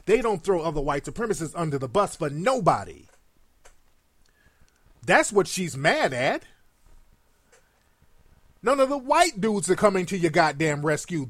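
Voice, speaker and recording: A man's voice: on the high side, no room sound. A man giving a heated, profane and mocking reaction commentary on video clips.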